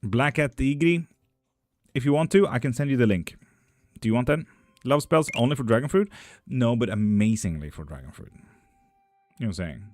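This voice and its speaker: A man's voice: medium pitch, lively intonation, moderate pace, long pauses, no echo, soft background music. A man reading tarot and bones on a live stream. He reads viewer questions aloud in a lifted voice, then answers them in a dry, teasing way in casual chat.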